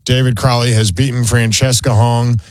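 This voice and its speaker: A man's voice: mid-range voice, flat delivery, moderate pace, a little mellow, dry recording. A man, co-hosting a talk show with opinionated, joking banter. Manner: joking, opinionated, does goofy voices. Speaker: radio show co-host.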